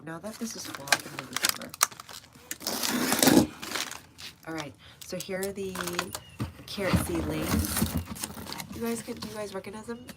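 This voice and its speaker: A young woman from North Texas, with a Texan accent, hosts a casual gardening live stream from her home's front garden outdoors. Her voice is on the low side, and there's heavy background noise. She's chatty and easygoing, laughing often and answering viewers by name.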